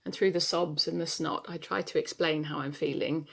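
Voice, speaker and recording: A woman's voice: deep voice, fairly even intonation, normal speed, vocal fry, a bit bright, breathy edge, heavily acted. A woman performing a stage monologue as an adult daughter anxious about her aging parents, telling her story in a wry, confessional way. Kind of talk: theatre monologue.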